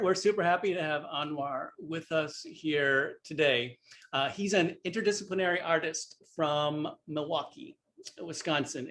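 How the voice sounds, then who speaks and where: A man's voice: on the high side, fairly bright tone. Casual man introducing a guest. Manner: casual, halting, with fillers. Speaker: event host.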